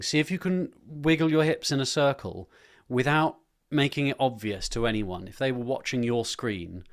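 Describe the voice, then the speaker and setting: A man guiding a choir through a posture and movement warm-up, making rambling jokes. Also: medium pitch. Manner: joking, rambling instructions. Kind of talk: guided body warm-up instruction.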